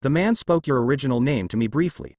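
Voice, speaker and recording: A nervous young storybook fellow, as a man reading the tale puts him on, scared of his own shadow. He speaks in an urgent, fretful rush, his pitch moving lively. The sound is dry and close. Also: quick pace, no room sound, lightly acted. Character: jittery young male nobody, easily scared.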